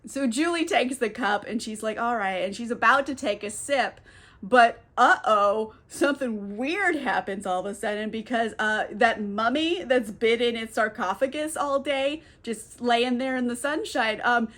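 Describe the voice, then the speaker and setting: A woman with a fairly high voice recaps a novel in a casual, sarcastic way. She is chatty and drops in curses and laughs as she talks. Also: measured pace, fairly bright tone. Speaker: book reviewer.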